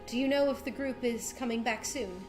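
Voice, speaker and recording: A woman's voice: on the high side, a little fast, faint music behind, close to an everyday voice. A woman voicing an uneasy young female companion aboard a ship. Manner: worried, quietly uneasy.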